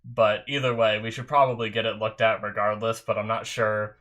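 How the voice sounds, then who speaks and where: A man's voice: fairly low pitch, little pitch movement, a little fast, fairly bright tone. A young man in his bedroom, chatting casually as an anime reaction host and rambling through a story with many restarts. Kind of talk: casual chat. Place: bedroom at home.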